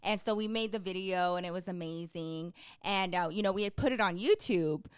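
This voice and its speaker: With a clear, resonant voice on the low side, a young woman co-hosting a podcast tells stories a little fast, mimicking what others said and laughing a lot. The clean studio sound has no echo.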